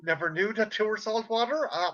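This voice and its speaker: Brief: male podcast co-host, bright, ranting, profane, lo-fi recording. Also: high voice, a little fast. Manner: profane, rambling, animated retelling. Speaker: podcast co-host reviewing a film. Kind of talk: casual chat.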